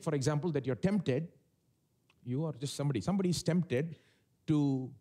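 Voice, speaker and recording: A man's voice: a little high, darkish tone. A man preaching a sermon to a live church congregation, emphatic, putting rhetorical questions to the listeners and acting out quoted voices. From India. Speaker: pastor. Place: large church service.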